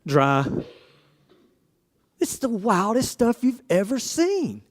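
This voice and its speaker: A man's voice: high voice, wildly swooping pitch, slow. A man preaching a casual sermon, asking his congregation questions and acting out quoted voices.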